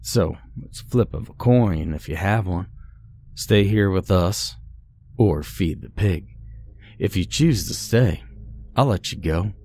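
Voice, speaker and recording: A smiling, softly menacing male jailer from a horror tale, put on by a man. He drawls folksy threats in a very deep voice, slowly and without hurry. The voice sits low and relaxed, which makes the menace feel calm. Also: slight background noise, full character voice. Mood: sly menace.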